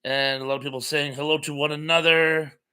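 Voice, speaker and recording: A man's voice: fairly high pitch, little pitch movement, brisk, bright, forceful tone, clear, resonant tone. A man from Massachusetts hosting a casual live-stream chat, reading out viewer comments and telling anecdotes in a chatty, chuckling way.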